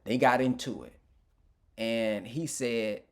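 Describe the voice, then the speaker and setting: A man's voice: on the high side, lively intonation, normal speed. A man giving an informal, emotional personal testimony as a motivational speaker, candid and reflective, often restarting his sentences.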